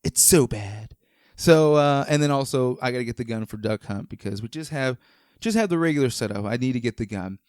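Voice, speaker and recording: Guy hosting a podcast, chatty and rambly, lots of uhs, smooth voice, mid pitch. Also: a little fast, darkish tone, no echo, studio quality. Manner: rambling, enthusiastic, frequent fillers and restarts. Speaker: podcast host. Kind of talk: casual chat.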